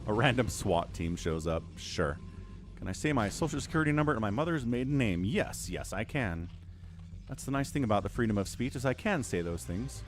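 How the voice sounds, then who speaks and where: A man's voice: fairly low pitch, animated, a little fast. A man streaming casual game commentary, sarcastic and rambling as he talks to his chat. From United States. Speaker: esports caster and streamer.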